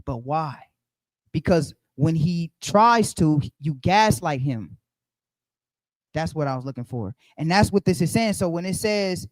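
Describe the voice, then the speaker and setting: A man leads a Bible study, preaching to the group in a conversational yet emphatic way and repeating his key phrases as he addresses them directly. His voice is high-pitched, with no echo.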